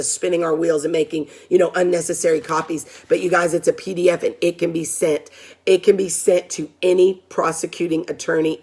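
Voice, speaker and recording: A woman advocate hosting a live stream, speaking in an urgent, fired-up way as she repeats herself and rallies her viewers as "you guys". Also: fairly low pitch.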